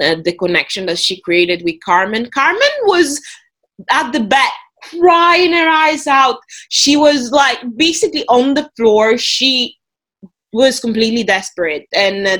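A woman chats on a podcast she co-hosts. Her pitch sits in a middle range, and she often breaks off and restarts words as she talks things through. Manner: chatty, restarts words mid-thought. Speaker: podcast co-host. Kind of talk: casual podcast chat.

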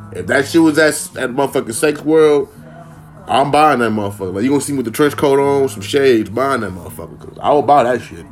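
A man from Minnesota hosts a solo podcast from home, loose, profane and joking as he rambles. His voice sits at an ordinary middle pitch. Faint music runs behind him. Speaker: podcast host. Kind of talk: casual solo podcast monologue.

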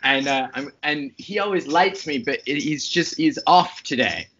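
A man's voice: a little high, normal speed, a bit bright. A man chatting as a guest from his home bar on a video call, cheerful and rambling, often laughing. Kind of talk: casual interview chat. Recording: dull lo-fi video-call sound.

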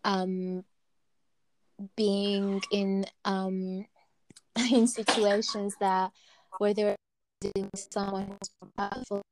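A young woman in casual podcast chat, thoughtful, with frequent fillers and soft laughs mid-sentence. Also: medium pitch, flat delivery, slow pace, long pauses, rough recording.

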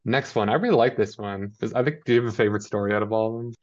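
A man's voice: on the low side, rapid-fire, darkish tone, lo-fi sound. A man casually recapping a TV episode with a co-host, rambling and quoting characters in mock voices. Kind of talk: casual chat.

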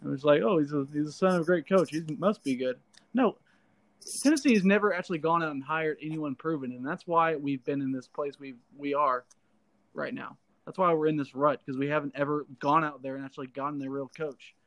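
Reflective man, slightly high. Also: a little fast. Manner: reflective, explains with "like" asides. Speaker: podcast co-host. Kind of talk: casual sports talk.

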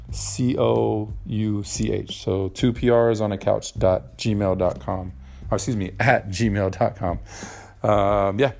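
A young man with a lowish, somewhat dark voice hosts a casual solo podcast. He rambles and swears freely, filling gaps with plenty of ums and uhs.

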